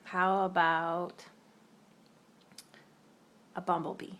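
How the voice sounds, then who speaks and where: A woman with a slightly low voice talks slowly and gently to her small child, asking one question after another. She mixes in playful animal noises to coax the toddler to answer, with faint ambient noise in the background. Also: level tone. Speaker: mother. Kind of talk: coaxing a toddler to make animal sounds. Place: home, at lunch.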